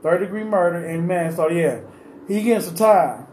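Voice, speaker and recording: A man's voice: sits high, moderate pace, a little mellow. A man in an unscripted, impassioned monologue, pleading and insistently repeating his questions, rambling with restarts as he goes. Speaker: vlogger giving his opinion. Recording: roomy echo with faint ambient noise.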